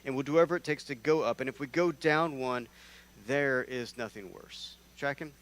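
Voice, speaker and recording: A man preaches in a church, his voice sitting in an ordinary middle register. He talks to the congregation in a loose, animated way, often restarting his phrases before pushing ahead. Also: medium pitch, moderate pace. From North Carolina. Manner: animated, conversational, with repeated restarts. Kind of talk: sermon.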